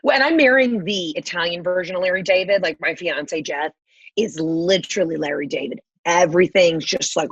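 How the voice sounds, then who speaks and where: Low-voiced, husky woman telling stories. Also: normal speed, dry recording, lo-fi sound. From American South. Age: 30s. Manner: profane, animated storyteller. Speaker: podcast guest. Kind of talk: casual chat.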